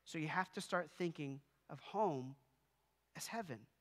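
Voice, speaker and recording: A man's voice: on the high side, animated, a little slow, in a large hall. A male pastor preaching a sermon in a church, talking conversationally with humorous asides. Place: church sanctuary.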